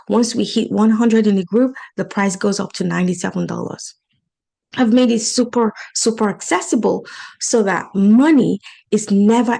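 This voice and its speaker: A woman's voice: medium pitch, creaky, warm tone. Earnest woman coach with an accent. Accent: non-native English accent. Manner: earnest, encouraging, speaks directly to listeners. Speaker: podcast host and life coach. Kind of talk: solo podcast monologue.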